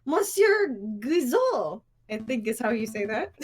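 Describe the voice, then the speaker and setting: A woman's voice: fairly high pitch, very animated, a little slow, a little mellow. Woman voicing a breezy, brash male lawyer. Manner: breezy, jokey.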